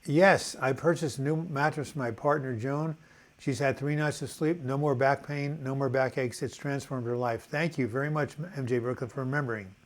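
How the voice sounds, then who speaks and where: A man's voice: mid-range voice, fairly even intonation, normal speed. An older man hosting a casual live video chat, reading out viewer comments in a loose, rambling way with many fillers.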